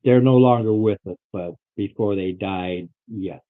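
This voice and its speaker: A man voicing a grim, terrified father who threatens adventurers with slow, ominous words. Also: fairly low pitch, natural voice. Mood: haunted. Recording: phone-like lo-fi recording.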